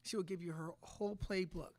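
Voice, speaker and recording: A woman's voice: fairly low pitch, fairly even intonation, brisk, darkish tone, no room sound. A middle-aged woman head coach answering press conference questions with emphatic, restarting speech. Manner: emotional, repetitive restarts, emphatic.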